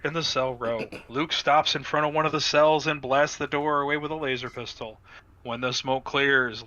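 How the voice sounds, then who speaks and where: A man's voice: mid-range voice, sharp tone, muffled recording. A man hosting and narrating a casual script read-through, playful and adding his own sound effects. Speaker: host and narrator.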